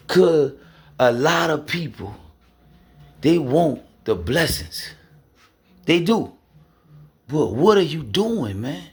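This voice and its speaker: A man preaches his faith story with a husky, slightly high voice. He talks in street slang and keeps asking "you heard me?" between emphatic bursts. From Louisiana, USA. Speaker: speaker sharing faith testimony. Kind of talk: impassioned motivational preaching.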